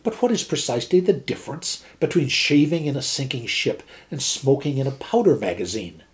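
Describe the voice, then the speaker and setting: A man's voice: medium pitch, animated, brisk, pitched above the performer's own voice, lightly acted. Guy reading a no-nonsense ship lieutenant, blunt but polite, storybook fable. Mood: earnest, practical. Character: practical, dutiful male ship lieutenant.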